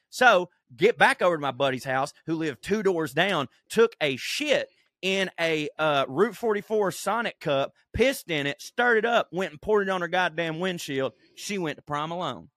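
Male podcast co-host; bright, slightly high voice, dry studio sound; lively, profane storyteller. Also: normal speed, no room sound. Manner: animated, profane storytelling with acted-out quotes. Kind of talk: casual storytelling chat.

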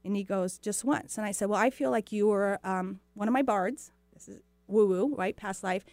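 A woman's voice: medium pitch, moderate pace, darkish tone, no room sound. A woman hosts a spiritual talk show and tells a personal story in an earnest, rambling way, acting out what people said to her. Her voice sits in a middle range, and the recording is dry and close, with no room sound. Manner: chatty, earnest, sprinkles in quoted dialogue. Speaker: host.

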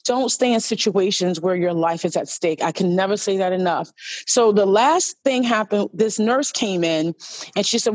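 Woman, middle-aged, from New York, podcast guest, animated storytelling, repeats words, middle pitch, dry close sound. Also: moderate pace, dry recording. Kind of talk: personal storytelling in conversation.

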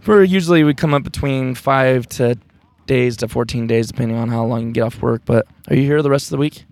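A man hosts a laid-back podcast chat, his voice a touch gravelly and close to the mic. He rambles easily, filling gaps with ums and uhs. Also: medium pitch, brisk, no room sound. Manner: rambling, relaxed, with many fillers. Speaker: podcast host. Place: camping outdoors in the mountains.

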